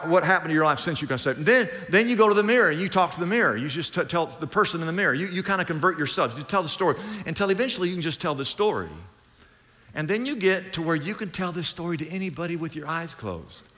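Animated preacher in a reverberant hall. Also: male voice, a little high. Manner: animated preacher, acts out both sides of conversations. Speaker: pastor. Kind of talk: sermon.

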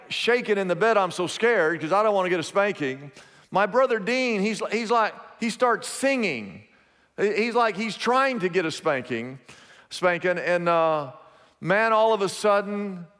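A middle-aged man, a pastor, telling a story in a sermon, his voice rising high at the exciting moments. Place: church sanctuary. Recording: long hall reverb.

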